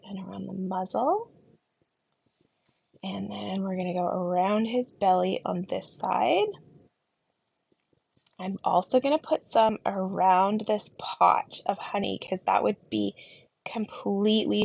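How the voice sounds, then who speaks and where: Woman craft instructor, gravelly and a bit husky, lingering cough, casual tutorial talk, dry lo-fi sound. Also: mid-range voice, takes it slowly. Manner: talks while colouring, often trailing into soft murmurs. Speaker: card-making instructor.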